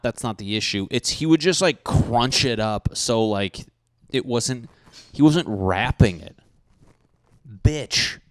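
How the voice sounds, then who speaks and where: A man's voice: on the low side, clear, resonant tone, no room sound, studio quality. A young man hosting a podcast, ranting profanely and animatedly in a solo comedic monologue, often mocking people in put-on voices. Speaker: podcast host.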